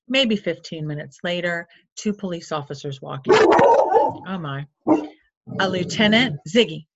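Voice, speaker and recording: Chatty low-voiced woman telling her story. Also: fairly bright tone, no echo. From Florida. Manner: candid and chatty, full of "like" and asides. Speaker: coach or counselor. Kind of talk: personal storytelling. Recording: dull lo-fi sound.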